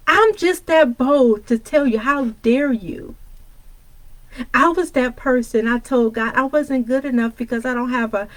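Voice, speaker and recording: A woman from Detroit delivers a fiery motivational sermon, confronting the listener with one rhetorical question after another. Her voice sits a little high, and the sound is dry and close with no room echo. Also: measured pace. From Detroit, United States. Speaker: motivational speaker and coach. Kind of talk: preaching motivational talk.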